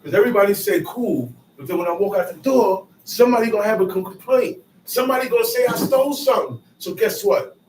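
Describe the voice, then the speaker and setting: Bible teacher, male, slangy paraphrasing, higher voice, distant roomy recording. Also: quick pace, hardly any pauses. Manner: explains verses in casual slang, repeats and paraphrases, lively rises. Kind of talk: street-style scripture teaching. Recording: roomy echo, far from mic, faint noise.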